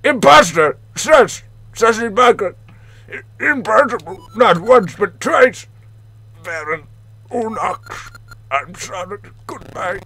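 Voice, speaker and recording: A man voicing a boastful, petulant male game boss in a high, theatrical voice. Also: lively intonation, slow, gravelly, pushed and bright, slightly rough, soft background music, full character voice. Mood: defeated. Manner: over-the-top villain taunts. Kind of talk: reading game dialogue aloud in voices.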